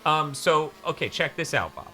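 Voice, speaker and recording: Man, podcast host, casual chat, bright voice, lively animated pitch. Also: moderate pace, slight background noise. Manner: animated storyteller, swears casually.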